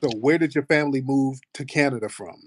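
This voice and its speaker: A fast-talking American man with a mid-range voice hosts an online audio show, swearing a lot in loose, playful banter. The casual chat is studio quality with no room sound.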